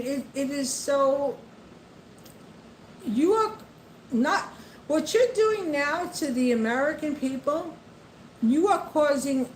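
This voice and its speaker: A woman's voice: on the high side, darkish tone, a little hiss or hum. Impassioned woman ranting in an echoey room. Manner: impassioned, repetitive, addresses the president directly. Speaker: vlogger. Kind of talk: political commentary monologue. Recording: echoey room with faint ambience.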